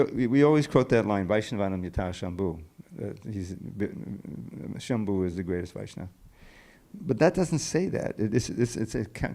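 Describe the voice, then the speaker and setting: Low gravelly man, halting speech. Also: warm tone. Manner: halting, searching for words. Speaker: class attendee asking a question.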